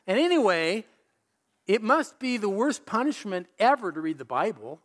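A man preaching a sermon in an animated, conversational way, full of rhetorical questions. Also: sits high, moderate pace. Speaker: pastor.

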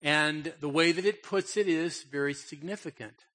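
A male preacher with a somewhat high voice works through a scripture passage. He stresses points emphatically and keeps it conversational, checking in with his listeners as he goes. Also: moderate pace, bright, forceful tone. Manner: emphatic, conversational, asks "okay?". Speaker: pastor. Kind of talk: sermon with scripture reading.

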